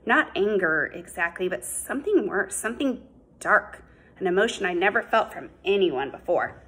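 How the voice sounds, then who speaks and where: A woman narrating a novel as an audiobook in a measured, unhurried way. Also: mid-range voice, expressive, a bit bright, husky, rough recording.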